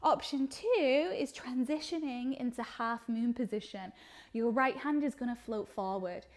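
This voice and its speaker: A young woman leads a yoga flow with calm, breath-paced instructions. Her voice sits a little high and she takes her time between cues, letting each inhale and exhale land. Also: unhurried. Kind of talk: guided yoga class cues.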